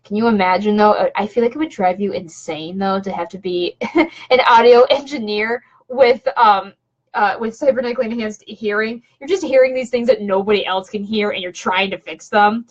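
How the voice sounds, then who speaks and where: A woman's voice: medium pitch, normal speed. Woman streamer, casual and rambly, chatting from home over a slightly dull webcam mic. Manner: rambling, many fillers and restarts, chatty asides. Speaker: vlogger doing a live stream. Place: home room.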